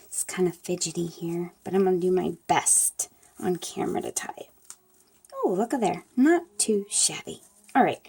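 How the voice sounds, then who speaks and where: A middle-aged woman walks viewers through a paper craft at her table. She talks in a chatty, folksy way, and her voice sounds soft and mellow. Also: fairly low pitch, lively intonation, moderate pace, gravelly, slightly rough. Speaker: craft demonstrator. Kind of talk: casual crafting tutorial.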